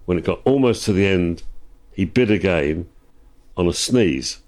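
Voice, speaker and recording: A man's voice: sits low, animated, measured pace, darkish tone. An older man chatting as a podcast guest, telling anecdotes and ranting with mock outrage. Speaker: guest, host's father. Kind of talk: casual chat, anecdotes. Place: workplace full of vintage cars.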